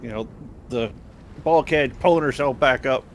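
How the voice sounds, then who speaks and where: A man playing a tabletop game, excitedly describing what his character does. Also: medium pitch, moderate pace. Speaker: player. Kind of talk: tabletop role-play.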